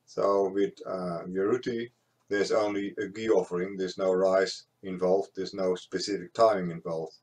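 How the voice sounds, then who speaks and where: Lower-voiced man explaining a ritual. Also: flat delivery, darkish tone, husky. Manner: plain, explanatory, with frequent uh pauses. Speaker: instructor. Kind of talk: practical demonstration.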